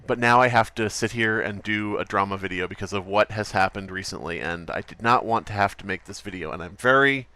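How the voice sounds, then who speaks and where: A man's voice: fairly low pitch, brisk, few pauses, bright, forceful tone. A man doing a whiny, self-pitying drama YouTuber. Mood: mopey. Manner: rambling, repetitive complaining. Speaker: podcast host. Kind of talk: comedy skit parody.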